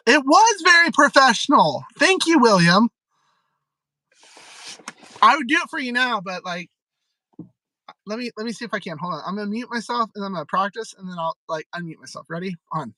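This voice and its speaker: A man hosting a live stream, rambling and giggling. His voice is bright and forward. The recording is close and dry. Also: high voice, fast, no room sound, rough recording. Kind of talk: casual live-stream chat.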